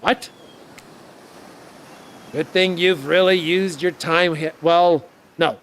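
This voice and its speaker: A man's voice: on the high side, steady tone, slow, pauses often, a bit bright. A male streamer reading a dating game aloud in a rambling way, often correcting himself mid-sentence. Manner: rambling, self-correcting, giggly.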